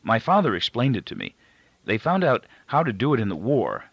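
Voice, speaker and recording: An eager, polite blind boy, as a male narrator puts him on. The line delivery swings widely in pitch. The recording sounds muffled and dry. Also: big pitch swings, brisk, breathy edge, dry recording.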